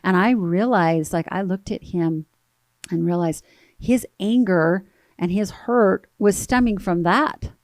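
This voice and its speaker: A woman in her thirties, a guest telling an emotional personal story in an earnest, halting way with repeated words. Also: medium pitch, a little mellow, no echo.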